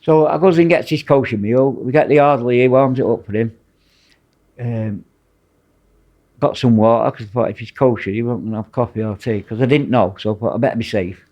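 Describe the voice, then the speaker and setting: This is a casual storytelling interview with a former prison officer from Manchester, England, who shares blunt, rambling anecdotes as a podcast guest. His Mancunian-accented voice is mid-range, a little quick and slightly mellow, and the audio sounds dull.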